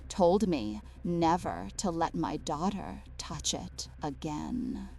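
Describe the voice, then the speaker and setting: Very slow, hushed woman narrating horror. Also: low-pitched, wildly swooping pitch. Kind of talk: scripted horror story narration. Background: faint music.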